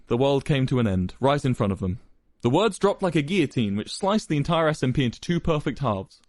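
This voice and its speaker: Young male narrator, animated pitch, dry close sound. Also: dry recording. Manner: expressive storytelling. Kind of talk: fan fiction read-aloud.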